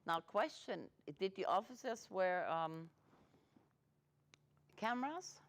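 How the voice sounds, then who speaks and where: A woman hosting a casual interview in a small TV studio, rambling and halting with many restarts. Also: medium pitch, expressive. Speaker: host.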